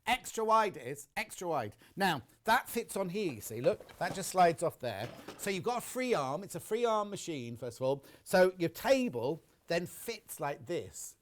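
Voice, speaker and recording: Lively, chatty man selling on TV. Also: high-pitched, normal speed, few pauses. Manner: chatty, enthusiastic, talks straight to viewers. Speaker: shopping channel presenter. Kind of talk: live TV product demonstration.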